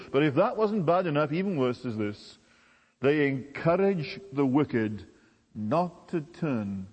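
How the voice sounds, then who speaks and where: A man's voice: long reverb tail, highs cut off. A man preaching a sermon with emphatic delivery, from Britain. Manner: emphatic, with sweeping pitch swings.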